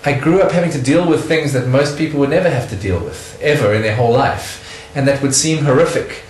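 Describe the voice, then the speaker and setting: A middle-aged South African man telling stories in a casual interview, animated and laughing often. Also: mid-range voice, brisk, roomy sound, poor audio.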